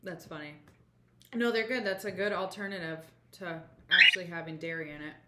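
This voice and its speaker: A woman co-hosting a cooking show, chatting in a relaxed way and giving measured, thoughtful comments on the taste. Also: fairly low pitch. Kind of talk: casual chat while tasting food. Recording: echoey room with background noise.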